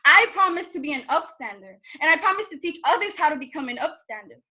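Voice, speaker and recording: A woman's voice: high voice, animated, fast, pushed and bright, rough recording. A young woman performing an earnest, impassioned monologue over a video call, with pointed questions to her listeners. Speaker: student performer. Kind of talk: spoken-word monologue.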